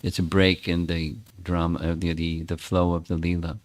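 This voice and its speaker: A man, a spiritual teacher, retelling a sacred story in a sermon, animated with small restarts. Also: sits low, normal speed.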